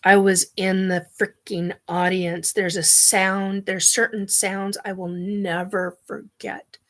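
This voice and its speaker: A woman hosting her own show, talking in a halting, earnest way as she searches for words. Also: mid-range voice, flat delivery. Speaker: show host. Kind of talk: personal monologue.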